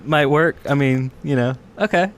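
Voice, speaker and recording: A man's voice: a little high, moderate pace, noisy background. A man hosting a casual gaming podcast, rambling and chuckling at himself. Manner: rambling, chuckling, self-deprecating. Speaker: podcast host.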